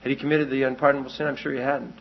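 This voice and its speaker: A man's voice: mid-range voice, level tone, very fast, breathy edge, highs cut off. A man preaching a sermon, telling a long story in a loose, rambling way and then pressing his point with rising urgency.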